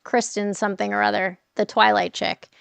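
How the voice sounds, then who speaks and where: Chatty middle-aged woman, creaky voice. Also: medium pitch, level tone, moderate pace, no room sound. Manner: chatty, swears freely, laughs often, answers viewer comments. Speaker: livestream host. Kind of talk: casual livestream chat.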